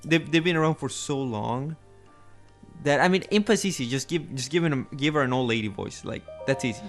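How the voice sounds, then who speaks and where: A man's voice: medium pitch, lively intonation, brisk, soft background music. A man co-hosting a casual podcast, thinking aloud in a hesitant, musing way. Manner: thoughtful, hesitant, many restarts and fillers. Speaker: podcast co-host. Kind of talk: casual chat.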